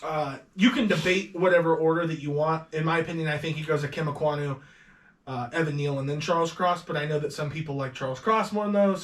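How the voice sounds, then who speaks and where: A man's voice: on the high side, roomy sound, distant mic. A man hosting a casual podcast mock draft, giving confident, opinionated picks with the odd swear. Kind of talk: casual sports chat.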